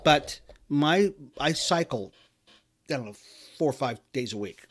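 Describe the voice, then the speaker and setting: A middle-aged man hosts a motivational podcast segment. He talks in an emphatic, pep-talk way, circling back and restarting his sentences as he drives his point home. His voice sits at an ordinary middle pitch for a man. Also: expressive, unhurried, slight background noise. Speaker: podcast host.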